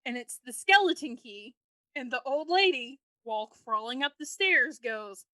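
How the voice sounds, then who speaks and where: A woman co-hosting a podcast, telling stories in an animated, casual way. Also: sits high, moderate pace, no echo. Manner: animated storyteller. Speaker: podcast co-host.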